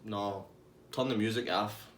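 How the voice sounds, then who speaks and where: A man's voice: fairly low pitch, steady tone, measured pace, fairly bright tone, a little hiss or hum. A man voicing irritated police officers in a firm, insistent tone. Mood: stern.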